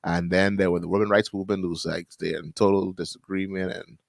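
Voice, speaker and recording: A man's voice: low voice, flat delivery, quick pace, vocal fry. A Bahamian man co-hosting a morning radio show, chatting casually and laughing often. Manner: chatty, laughs often, restarts mid-sentence. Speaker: radio co-host. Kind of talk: casual chat. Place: radio studio.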